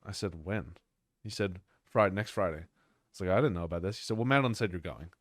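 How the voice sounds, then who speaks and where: A man's voice: deep voice, quick pace. A young adult man co-hosting a casual podcast chat, answering with wry short reactions and telling his own stories in a dry way. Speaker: podcast co-host.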